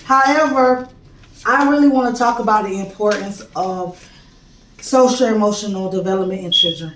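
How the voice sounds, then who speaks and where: A woman's voice: medium pitch, normal speed, fairly bright tone, slight background noise. A woman who teaches preschool, giving a recorded class presentation in an informal, conversational way. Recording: echoey room, distant mic.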